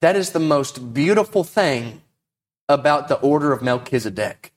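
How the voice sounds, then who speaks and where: A male pastor preaching a sermon, emphatic and dramatic, shifting between loud, raised emphasis and low, quiet lines and acting out quotes. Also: animated, normal speed, faint music behind. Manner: acts out quotes in different voices.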